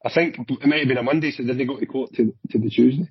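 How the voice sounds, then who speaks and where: A very husky, rough-edged Glaswegian man spins off-the-cuff stories from his years on the force. He talks in quick, animated bursts with the odd curse, close and dry on a dull, lo-fi recording. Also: mid-range voice, no room sound. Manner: animated, swearing, hurried storyteller. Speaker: former police officer. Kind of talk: casual anecdotal storytelling. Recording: dull lo-fi sound.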